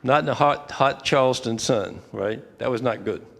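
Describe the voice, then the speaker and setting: An older man teaching a prayer workshop in a relaxed, rambling way, full of side remarks. His medium-pitched voice carries a long reverb from the hall he speaks in. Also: normal speed, vocal fry. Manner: relaxed, conversational with asides and restarts. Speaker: workshop leader. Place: church fellowship hall.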